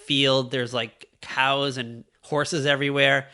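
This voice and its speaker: A man co-hosting a podcast, casually recapping a children's book with lots of swearing and quick put-on voices for the characters. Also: mid-range voice, clean tone. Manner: profane, animated, puts on voices when retelling. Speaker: podcast co-host. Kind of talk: casual book-club chat.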